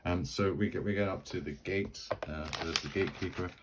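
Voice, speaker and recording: A man's voice: low-pitched, a little fast, noisy background. A man narrating his solo tabletop role-playing game in a rambling, chatty way. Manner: rambling, many fillers and restarts.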